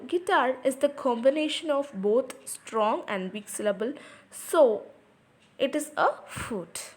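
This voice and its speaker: A woman teaching a lesson on poetry, explaining patiently and repeating example words aloud, in English with non-native grammar. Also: high voice.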